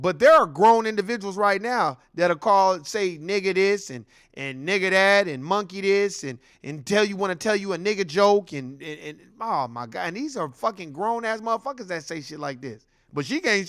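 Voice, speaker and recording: A man's voice: sits high, a bit bright, dry recording, clean studio sound. A man hosting a commentary show, ranting bluntly and heatedly, telling stories with acted-out quotes. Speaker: host.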